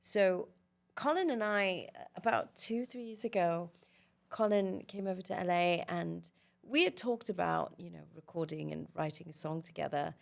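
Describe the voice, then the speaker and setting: Woman, actress guest in an interview; lowish voice with audible vocal fry, chatty and upbeat. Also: normal speed. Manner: chatty and enthusiastic, with laughs and fillers. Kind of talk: casual interview chat.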